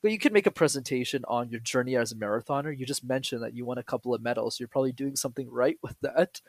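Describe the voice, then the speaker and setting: A man speaking as a podcast guest, telling lively stories and acting out the voices of people he quotes. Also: medium pitch, racing, no room sound. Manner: animated storyteller who acts out quoted voices. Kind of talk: conversational podcast interview.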